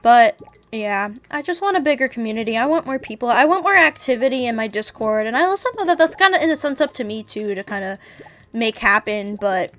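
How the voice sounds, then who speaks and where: A woman's voice: fairly high pitch, animated, fairly quick, fairly bright tone. A woman streaming games and chatting candidly, rambling and swearing freely. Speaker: VTuber streamer. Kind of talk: casual livestream chat.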